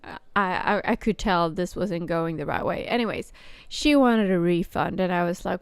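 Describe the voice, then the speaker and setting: A woman telling a work story in casual chat, halting and full of fillers and restarts. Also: fairly low pitch, clear, resonant tone, dry recording. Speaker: podcast host.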